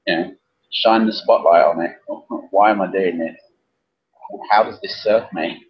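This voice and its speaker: A man's voice: sits low, fairly even intonation, a little slow, muffled recording, slight background noise. A man co-hosting a casual webcast chat, blunt and jokey, laughing often. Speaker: co-host, coach.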